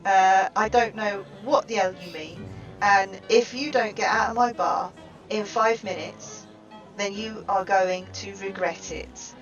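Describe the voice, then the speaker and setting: A man's voice: high-pitched, unhurried, a bit bright. A contemptuous gang-run bar owner snarls threats at the party, played by a woman running the game. The voice sounds distant and dull, with faint music behind. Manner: threatening, scornful.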